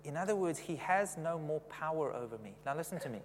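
A man's voice: a little high, expressive, fast talker, big-room sound, slight background noise. A man preaching a sermon in a conversational way, often asking the congregation questions.

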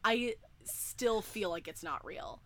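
Young woman, casual chat, excitable and sweary, bright tone. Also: medium pitch, slow pace, a little hiss or hum. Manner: excitable, emphatic, swears often, many fillers. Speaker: fan podcaster.

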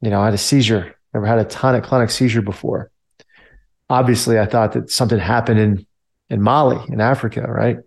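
A man's voice: on the low side, steady tone, brisk, vocal fry. A man and army veteran telling a story casually, filling his talk with "like" and "you know". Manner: loose, filler-heavy talk with many "like" and "you know".

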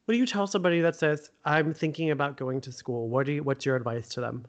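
A man's voice: on the high side, quick pace. A man hosting a podcast, chatting casually with his best friend, affirming often and asking follow-up questions. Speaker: podcast host. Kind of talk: casual interview chat.

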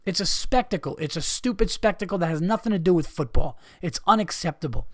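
A man's voice: high-pitched, animated, fairly quick, hardly any pauses, no echo, clean studio sound. A man hosting a podcast, ranting in a profane, exasperated way and mocking people by imitating them. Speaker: podcast host. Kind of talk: ranting monologue.

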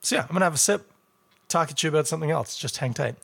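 A man's voice: on the high side, animated, very fast, gravelly, fairly bright tone, slightly rough. A man reviewing beer in a casual livestream chat, rambling and chatty with joking asides.

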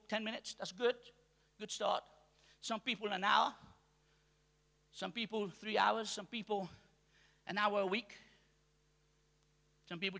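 High-pitched bright male preacher in a hall. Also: vocal fry. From Mauritius. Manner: call-and-response preaching, rising to shouts. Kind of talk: sermon. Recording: long hall reverb.

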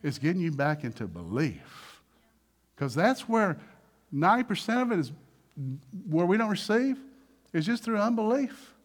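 A man preaching with a high, lively voice that leaps up and drops down. He acts out little voices as he goes and moves between loud bursts and soft asides. The delivery is animated and conversational, the way a pastor talks from the pulpit. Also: moderate pace. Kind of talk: sermon.

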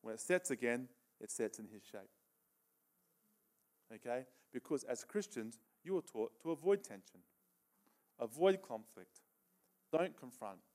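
A man's voice: medium pitch, animated, measured pace, pauses often, darkish tone. Man, middle-aged, preacher, casual sermon, conversational, checks in with "okay?", laughs between points. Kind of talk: sermon with live demonstration.

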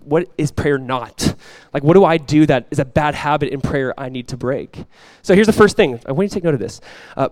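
Male pastor, young adult, casual sermon, playful asides, higher voice, dry. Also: darkish tone, no echo. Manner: conversational, joking, acts out quotes.

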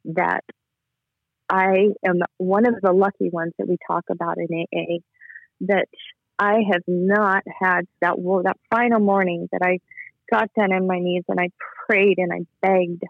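A man's voice: sits high, level tone, vocal fry, no room sound. Man on a tinny phone line. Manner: earnest, halting, emotional. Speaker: guest. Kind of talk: personal testimony.

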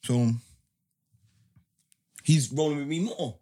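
A man, co-hosting a casual chat podcast, animated and full of street slang with loud bursts. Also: a little high, takes it slowly.

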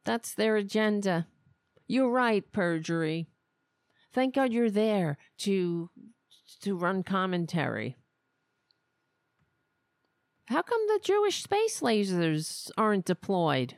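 A woman's voice: mid-range voice, sing-song, takes it slowly, no echo, studio quality. A woman hosting a podcast, giving sarcastic, mocking, profane political commentary. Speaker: podcast host.

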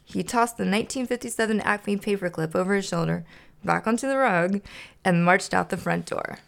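A woman's voice: mid-range voice, moderate pace, creaky. Woman reading a storybook aloud. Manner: playful, laughs to herself. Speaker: podcast host.

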